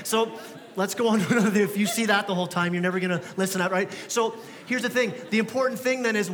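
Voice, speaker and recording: A man's voice: high voice, steady tone, fairly quick, fairly bright tone, long reverb tail. A man preaching a sermon as pastor, conversational and joking at his own expense. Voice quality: conversational, self-deprecating humor. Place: church sanctuary.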